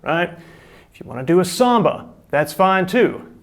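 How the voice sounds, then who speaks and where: A man's voice: high voice, lively intonation, unhurried, noisy background. A middle-aged man giving a casual, chatty drum lesson, explaining and demonstrating technique. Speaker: drum teacher.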